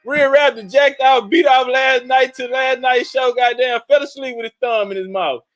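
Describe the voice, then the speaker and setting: A man hosting a casual livestream, loudly and profanely shouting out viewers and joking with his chat. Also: extremely high pitch, fairly even intonation, normal speed, faint music behind, rough recording. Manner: loud, profane, hyped-up banter with chat. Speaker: livestream host.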